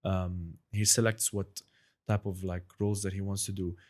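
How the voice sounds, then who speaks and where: A man's voice: deep voice, normal speed. A man talking casually as an interview guest, rambling with many restarts. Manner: rambling, many restarts, lively when demonstrating. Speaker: podcast host, guest.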